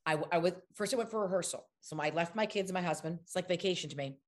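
An actress in an interview, telling lively anecdotes and acting out the lines of the people in them. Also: female voice, fairly low pitch, quick pace. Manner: animated storyteller, acts out other people's lines. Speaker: actress guest.

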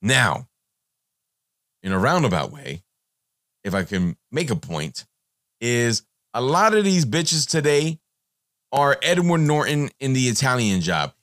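A man's voice: medium pitch, sing-song, a little slow, long pauses, fairly bright tone, no room sound, studio quality. A man hosting a podcast, giving a blunt, profane, rambling monologue with many fillers. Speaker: podcast host.

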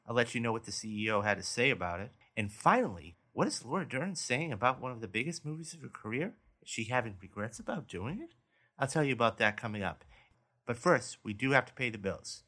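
A man hosts a casual podcast roundup of movie news. His voice is bright and forward, with middle pitch. He reads stories aloud and then chats about them. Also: expressive, a little fast. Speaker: podcast host.

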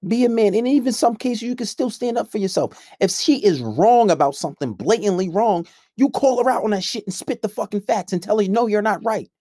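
A man's voice: sits high, lively intonation, brisk, warm tone, no echo, clean studio sound. A man who coaches men, delivering a blunt, combative, profanity-heavy rant. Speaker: men's coach. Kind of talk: profane ranting monologue.

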